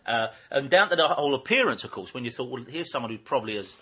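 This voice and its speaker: A man's voice: mid-range voice, animated, quick pace, fairly bright tone, slightly rough. A man, a former music journalist, telling rambling anecdotes in a casual chat and laughing often.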